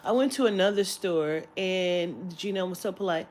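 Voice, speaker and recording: A woman's voice: fairly low pitch, normal speed. A woman vlogger telling a story in a casual, profane rant, now and then mimicking the people she met. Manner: profane, animated, mimics clerks' voices.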